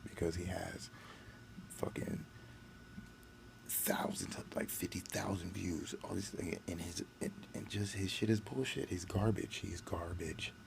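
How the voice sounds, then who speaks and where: A man's voice: sits low, gravelly, a little mellow, a little hiss or hum. A man hosting his own channel, delivering a profane, angry, blunt vlog rant. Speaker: channel host.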